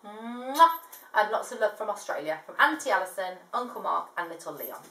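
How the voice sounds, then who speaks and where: A woman reading a storybook aloud to a child, gentle, with chatty asides between pages. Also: fairly low pitch, animated, quick pace, noisy background. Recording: echoey room, distant mic.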